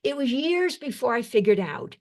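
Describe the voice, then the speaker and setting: A woman's voice: high-pitched, lively intonation. Older woman effusively thanking webinar viewers. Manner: warm-voiced, effusive thanks, halting restarts. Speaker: psychiatrist hosting a webinar Q&A. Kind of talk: live webinar Q&A, reading chat comments.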